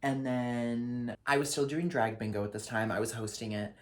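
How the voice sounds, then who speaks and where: A young man and drag performer recapping his year in a casual vlog, talking dramatically with a lot of swearing and jumping between loud rants and flat asides, in his apartment. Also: mid-range voice, normal speed. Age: young adult. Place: apartment lit only by a ring light.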